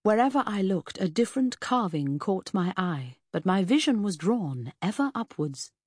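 A woman reading a novel aloud in first person, measured and descriptive with a gently wry touch. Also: mid-range voice, sing-song, slightly rough, no room sound, studio quality. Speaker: audiobook narrator. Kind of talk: scripted first-person narration.

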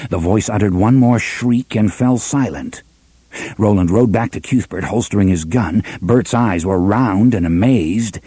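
A man narrating an audiobook in a measured, expressive storytelling manner. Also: on the low side, husky, no room sound. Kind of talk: scripted narration.

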